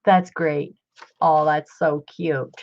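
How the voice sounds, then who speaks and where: A woman in her fifties, chatty and excitable, showing off old books in a casual vlog. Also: low-pitched, takes it slowly. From Ohio. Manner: chatty, excitable, muttering asides. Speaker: book collector vlogger. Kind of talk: casual show-and-tell. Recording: dull lo-fi home recording.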